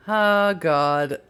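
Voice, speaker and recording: A woman's voice: deep voice, a bit bright, smooth. A woman streamer chatting casually and narrating a game, laughing often and poking fun at herself. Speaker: game streamer and community ambassador. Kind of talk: casual let's-play commentary and narration.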